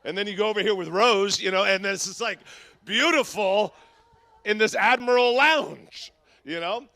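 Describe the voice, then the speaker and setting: High, bright-voiced pastor preaching. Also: male voice, moderate pace, dry recording. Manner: storytelling, animated and humorous. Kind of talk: sermon.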